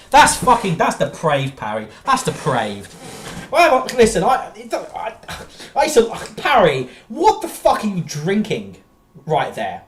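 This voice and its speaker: A woman's voice: fairly low pitch, wildly swooping pitch, moderate pace, reverberant, a little hiss or hum. A woman streamer ranting profanely in exasperated reaction commentary.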